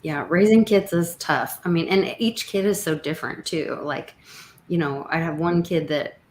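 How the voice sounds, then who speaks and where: A woman's voice: lowish voice, moderate pace, slight background noise. A woman in casual chat, giving firm, opinionated views. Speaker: guest co-host. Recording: roomy echo.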